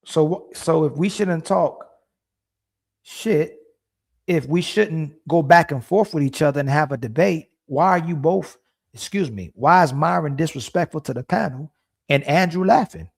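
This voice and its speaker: A man hosting a stream, reacting to a clip with indignant, repetitive commentary and pausing to search for words. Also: fairly high pitch, gravelly, breathy edge.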